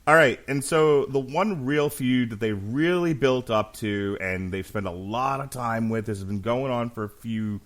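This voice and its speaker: A man's voice: mid-range voice, normal speed, hardly any pauses. Profane storytelling man on a podcast. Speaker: podcast co-host. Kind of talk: casual chat.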